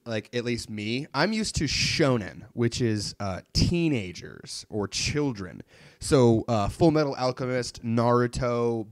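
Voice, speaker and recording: A man's voice: mid-range voice, a little mellow, no echo, studio quality. A man chatting casually about a show, rambling with lots of fillers and restarts. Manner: rambling, many likes and restarts. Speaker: podcast co-host. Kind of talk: casual chat about anime.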